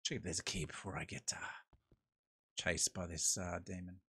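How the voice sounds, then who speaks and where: Australian male gaming host, lowish voice, relaxed wisecracking let's-play commentary. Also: moderate pace, heavy background noise. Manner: laid-back, joking, talks to himself.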